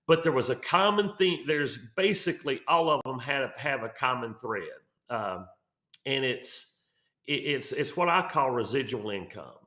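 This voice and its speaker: A man's voice: medium pitch, expressive, normal speed, bright, forceful tone, reverberant. A man talking through mortgage numbers on a real estate show, rambling with lots of fillers and restarts. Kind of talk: casual podcast explainer.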